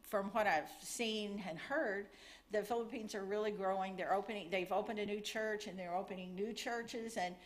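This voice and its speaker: A woman's voice: medium pitch, fairly even intonation, moderate pace. A middle-aged woman giving a testimony and a missions update in church, earnest and chatty, a little nervous.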